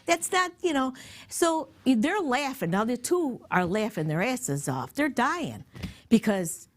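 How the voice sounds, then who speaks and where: A middle-aged woman, a podcast guest, telling a story in a casual, animated way, laughing and swearing freely. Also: on the high side, a little slow.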